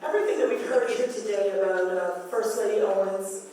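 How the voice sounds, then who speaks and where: A woman's voice: medium pitch, brisk, warm tone, slight background noise. A woman minister giving a heartfelt birthday tribute, building rhythmic lists of praise in a preacherly way. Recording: echoey hall from far off. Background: music and crowd murmur.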